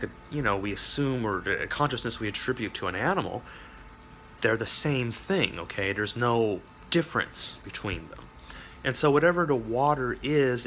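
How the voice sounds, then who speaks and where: A man's voice: medium pitch, fairly bright tone, slight background noise. A man rambling through a wry, digressive monologue, full of asides and chuckles. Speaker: vlogger.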